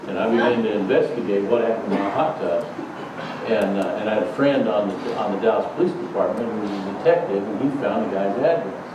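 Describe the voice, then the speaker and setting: A male pastor preaching a sermon in a relaxed, conversational storytelling way. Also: fairly low pitch, a little fast, background noise. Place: church sanctuary. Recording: echoey sanctuary, distant dull mic.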